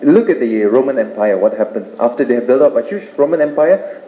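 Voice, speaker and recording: A man giving a Buddhist Dharma talk, explaining points with rhetorical questions and tag-ending "eh?". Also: mid-range voice. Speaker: Buddhist speaker. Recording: tinny roomy old tape with faint hiss.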